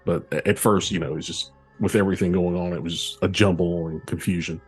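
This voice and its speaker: A man co-hosting a podcast, telling a true-crime case in a relaxed, casual way with frequent fillers. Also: sits low, brisk, slightly rough, faint music behind. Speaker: podcast co-host.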